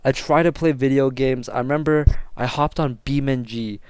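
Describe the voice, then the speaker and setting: A young man telling a story to his viewers in a casual, excitable, slangy way and swearing freely. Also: mid-range voice, normal speed, smooth, no room sound, clean studio sound. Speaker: storytime vlogger.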